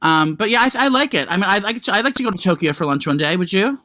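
A man co-hosting a podcast, chatting casually with a gossipy, animated manner and free swearing. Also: sits high, fast, dry recording. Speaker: podcast co-host.

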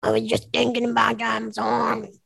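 A woman's voice: fairly high pitch, monotone, normal speed, gravelly, a bit bright, slightly rough, dry recording, studio quality, exaggerated voice. A woman putting on a goblin-style voice for a sheepish male ex-boyfriend, mumbling an apology.

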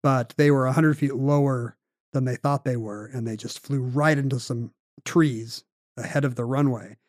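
A man's voice: medium pitch, dry recording, clean studio sound. Man telling a story on a podcast. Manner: animated storyteller, fast bursts. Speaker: podcast co-host. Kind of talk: casual chat, storytelling.

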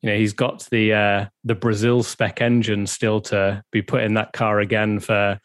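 A man co-hosting a casual podcast, relaxed and thoughtful in his opinions. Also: lowish voice, moderate pace, no echo. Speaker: podcast co-host.

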